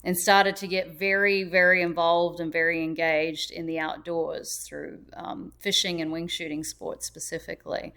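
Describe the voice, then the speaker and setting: Middle-aged Australian woman guest, chatty and cheerful, smooth lower voice. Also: flat delivery, moderate pace, few pauses, bright, forceful tone. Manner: cheerful, chatty, laughs easily. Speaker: interview guest. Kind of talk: casual interview. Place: busy event venue.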